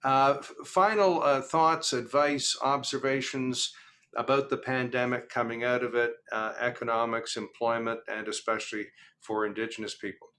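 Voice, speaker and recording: An older man hosting an interview, chatty and anecdotal, pausing on fillers. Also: mid-range voice, steady tone, sharp tone. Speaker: interview host. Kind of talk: casual interview chat.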